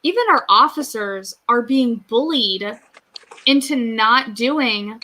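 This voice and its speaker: A woman's voice: a little high, takes it slowly, pushed and bright, poor audio. A woman talking as a guest on a casual podcast, earnest and emphatic.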